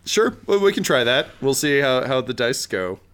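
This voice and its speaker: A man narrating as game master of a tabletop game, halting and full of fillers. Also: mid-range voice, sing-song, fairly bright tone. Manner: halting, full of ums and uhs.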